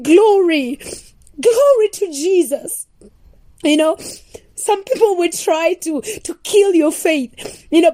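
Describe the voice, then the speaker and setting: A woman's voice: high-pitched, mellow, no room sound. A woman explaining her gospel song as impassioned devotional teaching, earnest and repetitive with preacher-like emphasis.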